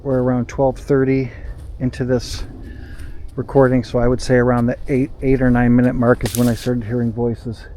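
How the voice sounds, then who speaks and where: A man narrating his solo night walk outdoors through snowy woods as a paranormal investigator, jumpy and excitable, talking to himself. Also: medium pitch, slight background noise. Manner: excitable and jumpy, talks to himself, quick nervous laughs. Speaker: paranormal investigator, channel host.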